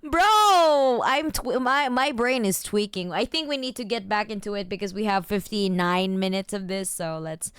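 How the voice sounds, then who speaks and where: A woman's voice: mid-range voice, normal speed, hardly any pauses, a bit bright, smooth, no echo, studio quality. A woman streamer chatting casually, reacting to news and her chat with giggles and mock outrage.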